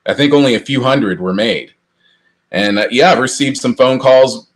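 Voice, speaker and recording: A middle-aged man co-hosting a podcast, telling long rambling anecdotes with lively restarts. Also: medium pitch, normal speed. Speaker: podcast co-host. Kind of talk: casual storytelling chat.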